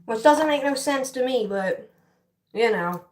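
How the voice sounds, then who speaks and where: Her voice a little high and animated at a measured pace, a young woman livestreams as she styles her hair, chatting casually with viewers. She gets frustrated and swears, heard off-mic in an echoey room.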